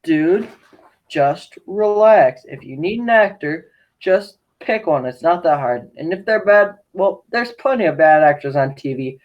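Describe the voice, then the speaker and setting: A man playing a relaxed, scatterbrained casting assistant who talks in a casual, offhand way, over a video call. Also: fairly high pitch, unhurried, dull audio. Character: laid-back, scatterbrained young male casting assistant.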